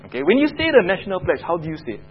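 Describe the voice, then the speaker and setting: A man's voice: sits high, wildly swooping pitch, very fast, slightly rough, lo-fi sound. Chatty Singaporean man teaching a Bible class. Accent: Singaporean English. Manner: chatty, asks the class questions. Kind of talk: Bible lesson to children.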